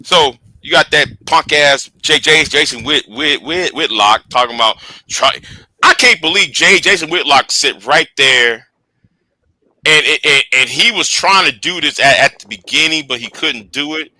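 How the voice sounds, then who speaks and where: A man hosting a casual livestream, rambling with repeated words, profanity and quiet trailing asides. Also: a little high, moderate pace. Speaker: livestream host.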